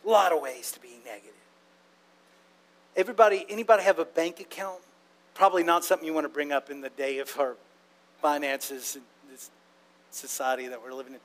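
High-voiced preacher. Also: male voice, fairly quick, pauses often. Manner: conversational, playful, asks the congregation questions. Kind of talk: sermon.

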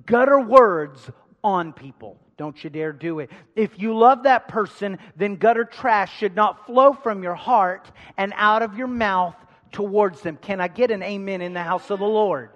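High-voiced preacher in a reverberant church. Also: male voice, unhurried, lo-fi sound. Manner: call-and-response preaching to a congregation; emphatic, swinging between loud and hushed. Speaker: pastor. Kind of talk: sermon. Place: large church hall. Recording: long hall reverb.

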